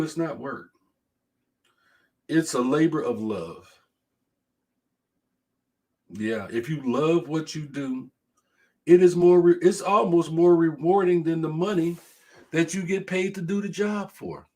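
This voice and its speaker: Animated man hosting a live talk show. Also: fairly high pitch. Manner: animated storytelling, reads viewer comments aloud, laughs hard. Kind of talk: casual live-stream talk.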